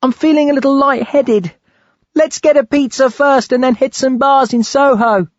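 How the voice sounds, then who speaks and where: A man voicing a young British woman student who is tipsy and dizzy, in a light falsetto. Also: fairly even intonation, moderate pace, dry recording, highs cut off.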